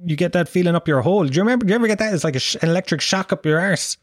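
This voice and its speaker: A man's voice: sits high, animated, very fast, no echo, clean studio sound. A middle-aged Irish man doing a crude, rambling comedic monologue, acting out voices as he goes.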